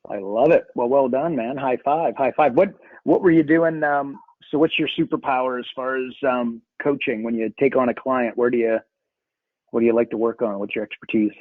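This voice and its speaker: A man hosting a casual coaching Q&A call, upbeat and joking, with quick banter. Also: mid-range voice, steady tone, dry recording. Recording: tinny phone-like line.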